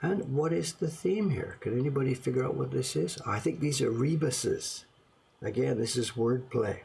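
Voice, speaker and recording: Gravelly-voiced man musing over old prints. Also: medium pitch, normal speed, darkish tone. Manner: rambling, musing aloud, self-deprecating. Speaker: print collector showing his collection. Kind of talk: casual show-and-tell to camera.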